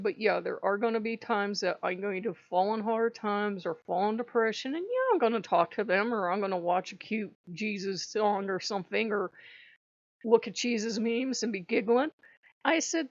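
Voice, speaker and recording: A woman's voice: medium pitch, dry recording, lo-fi sound. A woman hosting a casual storytelling vlog, chatty, laughing often and acting out bits of dialogue. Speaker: channel host.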